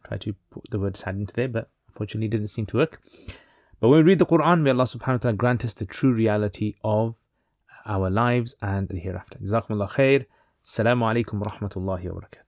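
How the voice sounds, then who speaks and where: A man teaching a lesson on religious texts in an unhurried, reflective way, pausing with fillers as he explains. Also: medium pitch, no room sound, studio quality. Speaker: Islamic teacher.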